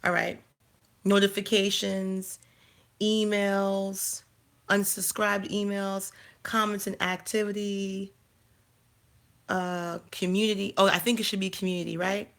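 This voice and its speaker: Woman host, unhurried and gravelly, talking to herself as she clicks through settings. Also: mid-range voice, level tone, a bit bright. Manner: chatty, thinking aloud while fumbling through settings. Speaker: life coach and channel host. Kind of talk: casual live-stream chat.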